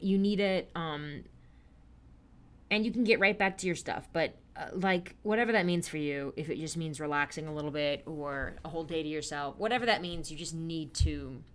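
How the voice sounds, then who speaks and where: A young woman hosting a casual solo podcast, chatty and upbeat, who loses her train of thought and pokes fun at herself. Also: low voice. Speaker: podcast host and stage performer.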